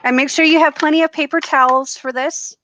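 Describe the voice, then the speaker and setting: A woman's voice: high-pitched, steady tone, a little fast, bright, forceful tone, no echo. Chatty woman hosting a live stream. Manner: chatty, with frequent fillers and laughs. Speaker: host of a live acrylic pouring stream. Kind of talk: casual live-stream chat.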